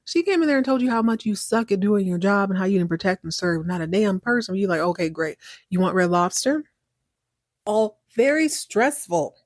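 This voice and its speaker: A woman hosting a podcast, recapping a TV series in a casual, opinionated way. She acts out the characters' lines and reacts out loud. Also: mid-range voice, expressive, moderate pace, dry recording, clean studio sound. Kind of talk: casual chat.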